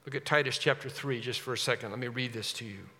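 A man's voice: medium pitch, fast, pushed and bright. A man preaching a sermon with emphatic delivery, putting rhetorical questions to his congregation. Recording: long reverb of a large hall.

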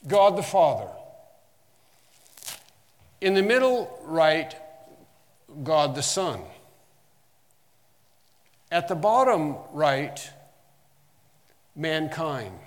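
A man teaching through a sermon, with a voice that sits a little high for a man. He stresses the verses he quotes and often restarts his phrases. His voice carries a long reverb, as in a large hall. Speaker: Bible teacher.

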